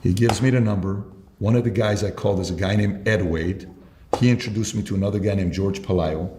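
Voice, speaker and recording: A man's voice: lowish voice, steady tone, fairly quick, roomy sound, background noise. A man telling an emphatic sales story in conversation, acting out his own dialogue. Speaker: sales mentor guest.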